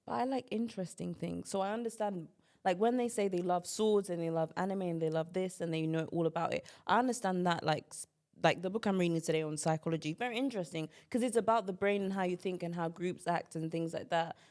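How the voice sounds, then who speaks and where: A woman's voice: fairly low pitch, fast talker, a little mellow. A young woman from Kent hosting a podcast, chatting casually, blunt and opinionated, acting out friends' voices between laughs. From Kent, England. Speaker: podcast host.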